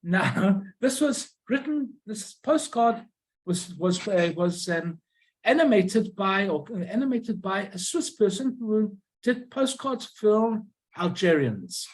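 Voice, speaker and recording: Halting speaker presenting old postcards. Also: mid-range voice, very animated, rough recording. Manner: halting, many restarts and self-corrections. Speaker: presenter showing a collection of stamps and postcards. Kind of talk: informal illustrated talk.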